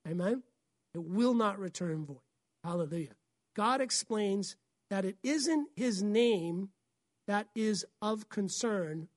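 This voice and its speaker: A woman pastor, preaching a sermon in an animated way, often acting out voices and laughing. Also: medium pitch, no echo, clean studio sound.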